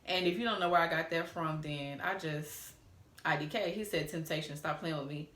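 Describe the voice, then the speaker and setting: A woman's voice: sits low, moderate pace, fairly bright tone, roomy sound. A young woman telling a casual story to viewers, reading out old texts with candid, cussing asides. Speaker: storytime vlogger.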